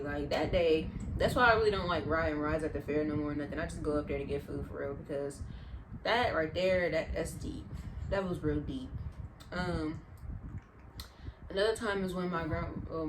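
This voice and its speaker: A young adult woman, a vlogger, telling casual, animated, slang-filled stories in storytime style. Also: lowish voice, background noise. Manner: chatty, slangy, animated retelling.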